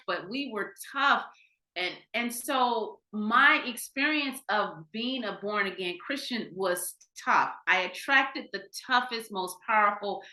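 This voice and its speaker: A woman from Ohio, a podcast guest, telling a candid personal story in an animated way, restarting sentences and acting out what people said. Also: medium pitch. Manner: animated, acts out quoted dialogue, frequent restarts. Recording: roomy echo.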